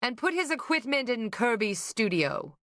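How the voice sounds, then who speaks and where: A woman's voice: on the high side, sing-song, moderate pace, fairly bright tone, no room sound, clean studio sound, voice pushed up. A woman voicing a theatrical, melodramatic older man, an eccentric painter father who bellows and grumbles in an audiobook. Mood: theatrical lament. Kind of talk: audiobook character voice.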